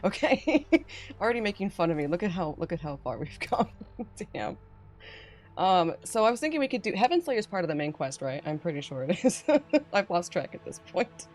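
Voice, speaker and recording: A woman's voice: lowish voice, sing-song, moderate pace, a little mellow. A woman hosting a casual game stream, chatting with a guest and reading chat aloud with frequent laughter. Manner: bubbly, laughs often, reads chat aloud. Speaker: streamer host.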